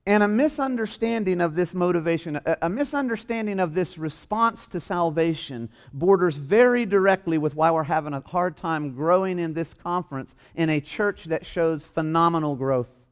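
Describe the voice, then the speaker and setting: A man's voice: on the high side, lively intonation, normal speed, clear, resonant tone. A man preaching a sermon in a church, stressing and repeating his key phrases. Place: church hall.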